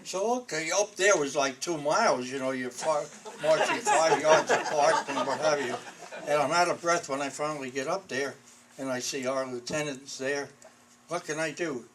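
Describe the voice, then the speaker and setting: A war veteran in his eighties with a fairly high voice recounts wry memories at a moderate pace, chuckling and often breaking into laughter as he tells his anecdotes. Heavy background noise fills the recording.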